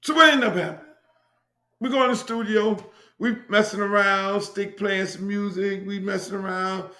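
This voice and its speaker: A brash, profane middle-aged man from Miami tells a story on his own show, circling back to the same phrases again and again. His voice sits high and sounds bright and forceful. The room around him is echoey. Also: steady tone, moderate pace. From Miami, USA. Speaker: host. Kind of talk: casual storytelling monologue.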